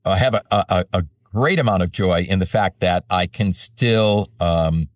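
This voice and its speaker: An older man with a deep, low voice tells animated stories as an interview guest. He sits a little back from the microphone in a dry, dead-sounding room. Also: measured pace, no echo, recorded from a distance. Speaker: voice-over artist and guest. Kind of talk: casual interview storytelling.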